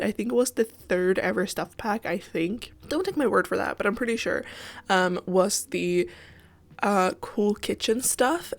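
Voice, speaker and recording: A woman's voice: medium pitch, creaky. Young woman, sick, stuffy blocked nose, casual rambling chat, lots of fillers. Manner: chatty, rambling with many ums and likes. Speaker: Sims builder vlogger.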